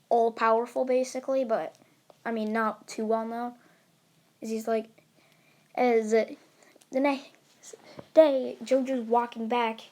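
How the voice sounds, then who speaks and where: A woman narrates an improvised fan story in a slow, wandering way. She backtracks and fills gaps as she goes, her voice sitting a little high. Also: darkish tone. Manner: rambling, with many fillers and restarts.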